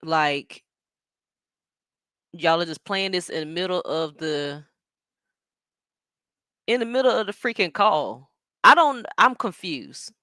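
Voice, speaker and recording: A woman's voice: on the low side, expressive, slow pace, long pauses, pushed and bright, no echo, studio quality. A woman hosting a watch party stream, reacting in casual commentary and talking straight to her viewers with laughs and asides.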